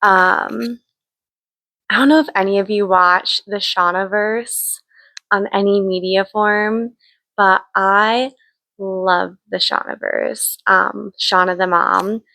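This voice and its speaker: A woman's voice: mid-range voice, steady tone, takes it slowly, gravelly, bright, forceful tone, dry recording. A young woman chatting casually in a book vlog, gushing about what she reads, with frequent likes and ums. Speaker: book vlogger. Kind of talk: casual read-along vlog chat.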